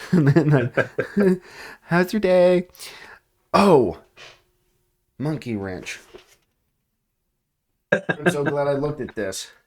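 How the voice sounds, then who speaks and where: A man hosting a casual chat show, laughing often and breaking into loud bits. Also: on the high side, very animated, very slow, pauses often, slightly rough. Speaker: podcast host.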